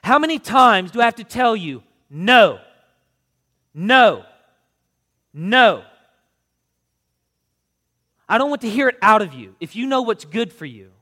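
A man voicing an angry, bitter young mother who shouts threats at her little boy. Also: sits high, very animated, slow, long pauses, big-room sound, voice pushed up, heavily acted. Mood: furious.

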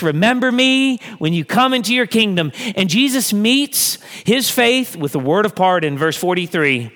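A man's voice: on the high side, fairly bright tone. A man preaching a sermon in an earnest way, building to emphatic peaks. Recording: long hall reverb.

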